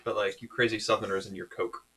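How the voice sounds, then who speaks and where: Wry, bright-voiced man player. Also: lowish voice, fairly even intonation, fast, a little hiss or hum. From Atlanta suburbs, US. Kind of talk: casual tabletop game banter.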